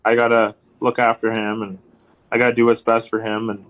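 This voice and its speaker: Guesting on a podcast, a hockey enforcer chats through stories in a loose, rambling style packed with ums and repeated phrases. He talks briskly and in a monotone, his voice on the low side yet fairly bright in tone.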